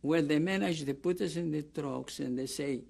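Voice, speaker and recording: His voice a little high, creaky and darkish, at normal speed, an older Greek-accented man gives an oral history interview as a camp survivor. The story rambles along with restarts while he acts out those he quotes.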